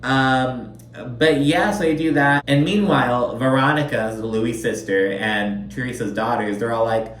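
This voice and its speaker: A man's voice: mid-range voice, unhurried, a bit bright. A man giving a casual, chatty recap of a reality show, swearing freely and filling his sentences with "like.". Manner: chatty, profane, lots of "like". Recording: roomy echo, distant mic, faint hum.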